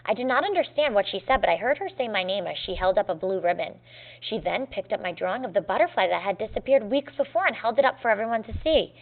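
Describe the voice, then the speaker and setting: Woman, teacher, reading a story aloud to a class, measured and gently expressive, tinny phone-like sound. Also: medium pitch.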